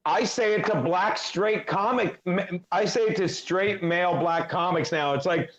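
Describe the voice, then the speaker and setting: A man with a high voice, talking in a profane, mocking and sarcastic way. He sounds dull and lo-fi, in an echoey room. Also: normal speed, fairly bright tone. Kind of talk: casual chat.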